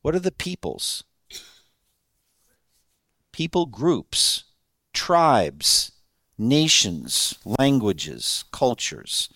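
A man's voice: mid-range voice, wildly swooping pitch, drawn-out words, pauses often, sharp tone, no room sound. Guy giving a chatty sermon, laughs a lot, quizzes the crowd, dry close sound. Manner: conversational, laughing often, asking the audience questions. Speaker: preacher. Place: room with an audience.

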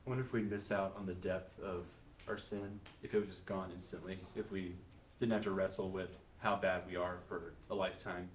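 A man in a class discussion, speaking in a reflective, soft-spoken way, heard from across the room. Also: low-pitched, flat delivery, brisk, roomy sound, a little hiss or hum. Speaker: class member. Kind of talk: group discussion.

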